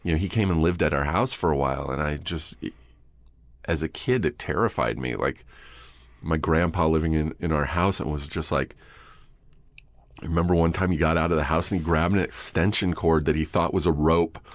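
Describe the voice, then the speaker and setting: A man's voice: a bass voice, moderate pace, dry recording. A man hosting a podcast, telling crude, self-mocking stories and acting out his own muttering. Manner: profane, self-mocking storytelling. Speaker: podcast host. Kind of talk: casual chat.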